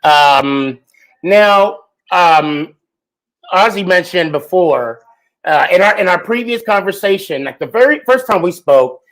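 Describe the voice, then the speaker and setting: Chatty, fairly high-voiced man hosting a podcast. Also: lively intonation, unhurried, a bit bright, rough recording. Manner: chatty and joking, lots of fillers. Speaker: podcast host. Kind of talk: casual podcast chat.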